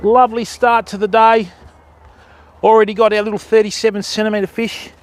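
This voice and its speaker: High-voiced Australian fishing bloke. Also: male voice, level tone, fairly quick. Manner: joking, matey banter. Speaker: fishing vlogger. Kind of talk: live-streamed fishing chat. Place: outdoors by a tidal river.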